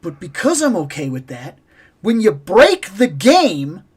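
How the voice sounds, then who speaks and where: A woman hosting a toy collecting vlog, telling a lively, opinionated story about a video game and acting out its sounds. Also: lowish voice, measured pace, slightly rough. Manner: animated, acts out game sounds and voices; passionate, opinionated about games. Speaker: toy collecting channel host.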